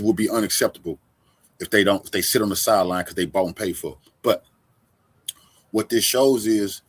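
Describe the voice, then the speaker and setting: A man giving fired-up commentary as host, cursing freely. His voice is husky and his pitch jumps around a lot, from sharp high outbursts to low mutters. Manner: profane, fired-up, swings from loud to muttering. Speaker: host reacting to a clip. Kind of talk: heated commentary.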